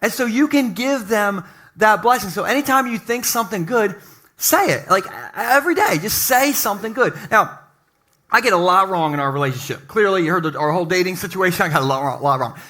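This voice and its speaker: Man preaching, high bright voice, joking with the congregation, casual sermon, church sanctuary. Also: lively intonation, brisk. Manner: joking, conversational, talks to the congregation. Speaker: pastor. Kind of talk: humorous sermon.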